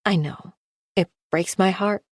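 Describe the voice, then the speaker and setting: A woman's voice: medium pitch, unhurried, dry recording, voice pushed up, natural voice. A woman voicing an emotional, tearful middle-aged woman who calls people honey and sweetie, in an audiobook.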